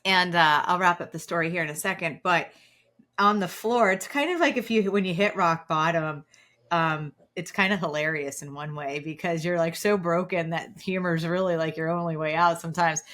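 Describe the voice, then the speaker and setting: Female guest, 40s, lower voice, animated storyteller, lots of "like" and "right.". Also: normal speed. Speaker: guest, keynote speaker. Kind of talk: personal storytelling in interview.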